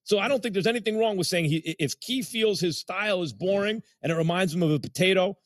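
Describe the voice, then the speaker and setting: A man's voice: sits high, fast, dry recording, clean studio sound. A man co-hosting a sports talk show, arguing a point and reasoning it out at length. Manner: argumentative, reasoning aloud. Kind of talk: heated studio debate.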